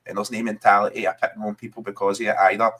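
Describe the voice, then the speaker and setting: A man's voice: fairly low pitch, little pitch movement, rapid-fire, fairly bright tone, slightly rough. A man with a Scottish accent, co-hosting a podcast and chatting casually about football and often saying "mate". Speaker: podcast co-host.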